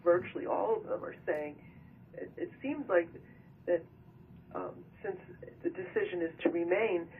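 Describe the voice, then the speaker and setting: A man's voice: high voice, normal speed. A male reporter asking probing questions by phone, thinking aloud before he asks. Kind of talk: press conference questions by phone. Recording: tinny phone line with faint noise.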